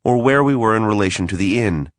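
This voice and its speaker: A man's voice: fairly low pitch, lively intonation, fast, dry recording. A man reading a first-person fantasy audiobook in a dry, wry manner. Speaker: audiobook narrator.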